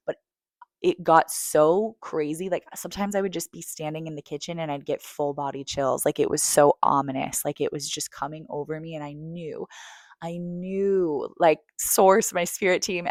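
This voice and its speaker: A woman in a candid confessional monologue, emphatic and profane, swinging between hushed moments and loud outbursts. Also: low-pitched, dry recording, studio quality. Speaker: vlogger.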